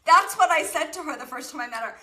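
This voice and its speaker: A woman's voice: high voice, expressive, fast, pushed and bright. A middle-aged woman hosting a casual podcast, an enthusiastic and chatty storyteller with a college-age daughter. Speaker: podcast host.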